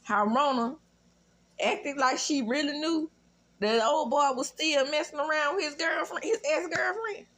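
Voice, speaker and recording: Brief: Southern woman recap host, high-pitched, sassy and animated. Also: unhurried. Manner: sassy, animated, profane asides. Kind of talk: casual recap commentary.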